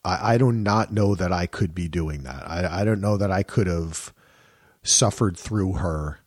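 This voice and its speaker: A man's voice: sits low, unhurried, no room sound, studio quality. A man co-hosting a podcast, chatting casually and animatedly about a reality show, often laughing. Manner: animated, laughs, mimics people in quoted bits. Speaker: podcast co-host. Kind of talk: casual chat.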